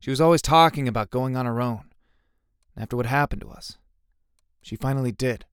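A man's voice: medium pitch, a little fast, clean tone, dry recording, studio quality, lightly acted. A man voicing a sarcastic, matter-of-fact team leader in a storybook reading. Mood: dry.

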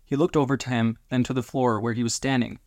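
A man narrating a homemade audiobook in a deliberate way, announcing each chapter as he goes. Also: medium pitch, steady tone, darkish tone, no echo, studio quality.

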